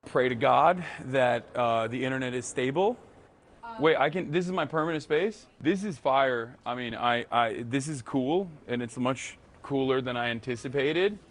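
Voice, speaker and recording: Relaxed man in a casual interview. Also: medium pitch, normal speed, a little hiss or hum. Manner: relaxed, candid, a few fillers.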